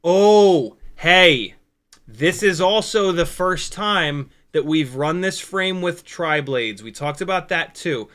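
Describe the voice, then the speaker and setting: A fairly high, bright-voiced man chats through a hobby livestream. He gets excited and curses casually, breaking off and restarting sentences as he works at his bench. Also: slow pace, smooth. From United States. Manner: excitable, profane, rambling with restarts. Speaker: FPV drone livestream host. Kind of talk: casual hobby livestream, hands-on soldering demo.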